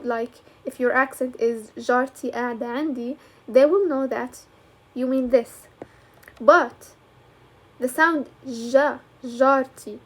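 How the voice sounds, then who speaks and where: A woman teacher walks through a lesson step by step. She talks in a fairly high voice. She moves easily between English and colloquial as she explains. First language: Arabic.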